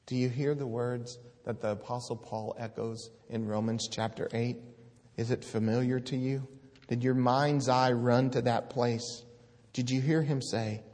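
A man's voice: medium pitch, steady tone, measured pace, a little mellow, long reverb tail. A man preaching a sermon, earnest and pleading, reading scripture aloud with rising force.

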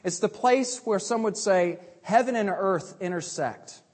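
A man preaching a sermon as pastor. He moves between urgent, raised lines and hushed, quiet ones. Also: high voice, a little slow. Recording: long reverb of a large hall.

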